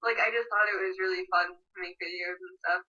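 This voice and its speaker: Bright, giggly teen girl on a livestream. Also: lowish voice, steady tone, a little fast. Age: late teens. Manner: chatty, giggly, reads questions aloud. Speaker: livestreamer answering viewer questions. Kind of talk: casual livestream chat. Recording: muffled, slightly distant livestream audio.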